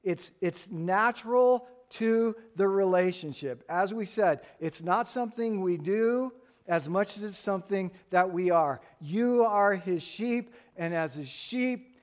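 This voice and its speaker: A middle-aged man preaching a sermon as pastor, animated and playful, acting out little scenes for humor. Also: high voice, a little slow. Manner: animated storyteller, acts out voices for humor.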